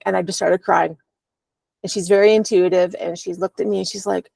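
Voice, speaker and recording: A woman's voice: on the low side, steady tone, fairly quick, vocal fry, a little mellow, no room sound. Candid woman telling her story. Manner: candid, rambling, frequent ums. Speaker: podcast guest. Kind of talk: personal storytelling in conversation. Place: at home.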